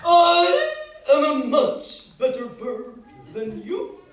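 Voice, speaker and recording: Woman putting on a proud peacock, storybook bird, high and loud, echoey hall, distant mic. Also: sing-song, very slow, full character voice. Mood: haughty. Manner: loud, shouting insults. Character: boastful male peacock bird, proud and haughty.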